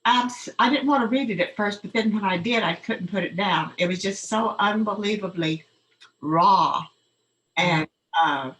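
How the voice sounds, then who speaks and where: A woman's voice: medium pitch, measured pace, fairly bright tone, low-quality recording. Hesitant woman recommending a book. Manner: hesitant, many fillers and restarts. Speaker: participant. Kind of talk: casual group sharing.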